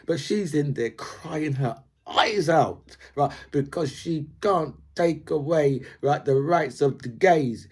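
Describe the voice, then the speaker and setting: Husky man ranting, "right?" after everything. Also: a little high, a little mellow. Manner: rambling, says "right?" constantly. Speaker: video commentator. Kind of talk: casual opinion monologue.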